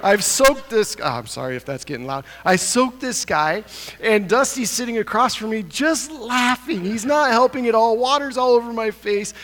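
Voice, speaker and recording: A man giving an animated church talk, telling a self-mocking story and climbing higher in pitch when excited. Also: moderate pace, in a large hall. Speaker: church speaker.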